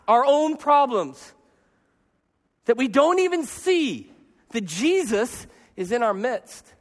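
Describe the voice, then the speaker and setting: Man, pastor, sermon, high voice, lively storytelling, reverberant church hall. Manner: storytelling with acted-out voices and swings in loudness.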